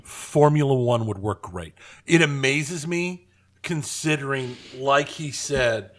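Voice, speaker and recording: A man co-hosting a casual podcast chat, agreeable and chatty, quick to back up his co-host. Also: mid-range voice, lively intonation.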